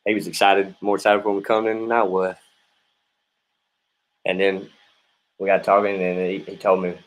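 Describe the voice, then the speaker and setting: A man with a very low voice tells a personal story at a quick clip. He rambles, doubles back and keeps checking in with his listener. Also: low-quality recording. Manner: casual and rambling, keeps adding "you know what I mean".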